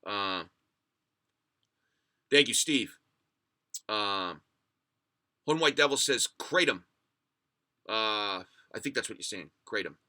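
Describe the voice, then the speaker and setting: A man's voice: on the low side, animated, slow, long pauses, sharp tone. A man from the United States hosting a livestream podcast, rambling and swearing as he tells stories and reads chat comments. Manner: rambling, profane storyteller reading chat comments.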